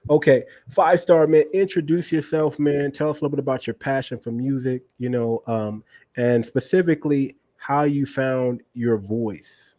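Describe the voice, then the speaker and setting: A man's voice: medium pitch, steady tone, moderate pace, warm tone, dry recording. A man hosting a casual livestream interview who keeps speaking straight to his viewers and checking the stream.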